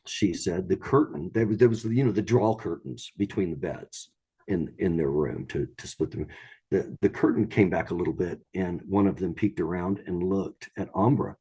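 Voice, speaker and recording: A man's voice: deep voice, moderate pace, warm tone, slightly rough. A man telling a true strange story in a casual, rambling way, with frequent restarts and quoted voices. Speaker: storyteller guest.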